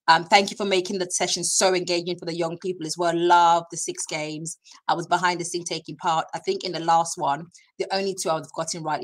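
A woman's voice: on the low side, low-quality recording. A woman, chatty and encouraging, hosting an online school session from a computer mic. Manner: chatty, encouraging, many fillers. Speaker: school staff presenter.

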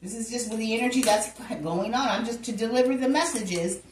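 A woman's voice: on the high side, brisk, far from the mic, slight background noise. Chatty woman reading tarot in echoey room. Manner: chatty, exclaiming, addresses listeners directly. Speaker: tarot reader. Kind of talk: casual tarot reading to viewers.

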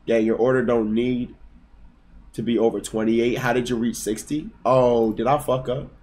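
A man in his twenties livestreaming casually from home, with a voice of ordinary middle pitch. He is excitable and profane, argues with his chat, and now and then breaks into yelling. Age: 20s. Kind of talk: casual live-stream chat.

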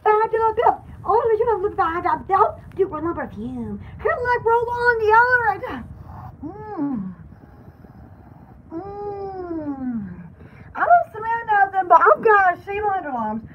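A very high, swooping voice of an excitable pampered poodle, rambling and squealing like a cartoon shopping-show host. It is a comic pet voice-over, and the dull, lo-fi home recording keeps its squeaks slightly muffled. The pitch leaps up and down all the time. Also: female voice, takes it slowly, a little hiss or hum, full character voice. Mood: excited.

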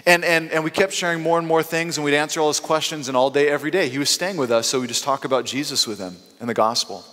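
Animated pastor in an echoey hall. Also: male voice, on the high side. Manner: animated storytelling with quick swings in loudness. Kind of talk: sermon. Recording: long hall reverb.

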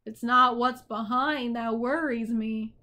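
A woman voicing a calm, sensible male watchdog, speaking a bit lower and in a measured way. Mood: steady.

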